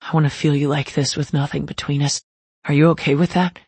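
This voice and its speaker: A woman voicing a protective young man who speaks low and intimately, growling when angered. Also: flat delivery, brisk, a little mellow, husky, no room sound. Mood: tender. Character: young man, tender, protective, quick-tempered.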